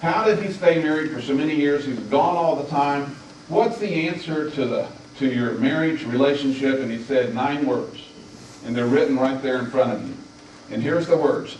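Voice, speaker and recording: A man's voice: a little high, brisk, darkish tone, a little hiss or hum. Folksy man preaching in an echoey hall. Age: 50s. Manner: folksy, emphatic, leads the audience in call-and-response. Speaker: speaker at a men's gathering. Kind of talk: sermon on marriage. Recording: echoey hall, distant mic.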